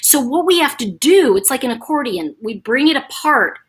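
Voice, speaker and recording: A woman from Buffalo, New York hosting a livestream chat, animated and acting out quotes as she talks. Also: high voice, moderate pace, breathy edge. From Buffalo, New York, USA. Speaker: channel host.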